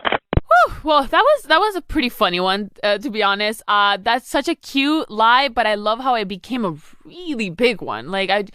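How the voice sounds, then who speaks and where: A woman's voice: on the high side, very animated, moderate pace, pushed and bright, smooth, no room sound. A young woman hosting a podcast, giving advice in casual chat and rambling with lots of "like" and "you know". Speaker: podcast host.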